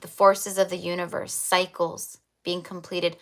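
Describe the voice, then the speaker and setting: A woman's voice: fairly low pitch, little pitch movement, unhurried, fairly bright tone. A woman giving a livestreamed tarot reading, chatty, repeating her affirming spiritual phrases. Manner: chatty with fillers. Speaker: tarot reader.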